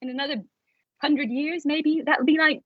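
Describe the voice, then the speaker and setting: A woman co-hosting a local radio show in lively, laughing casual chat. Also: sits high, normal speed, dry recording, phone-quality sound. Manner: lively and laughing, says "darling".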